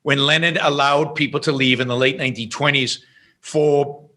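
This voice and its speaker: A middle-aged man, a podcast guest, telling a story in an emphatic, animated way. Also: mid-range voice, moderate pace.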